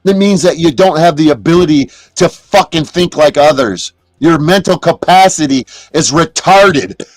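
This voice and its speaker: Angry high-voiced man ranting, very dry sound. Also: expressive, normal speed, dry recording. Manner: profane, aggressive, shouts at chatters. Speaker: livestreamer. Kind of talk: angry livestream rant. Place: inside a motorhome.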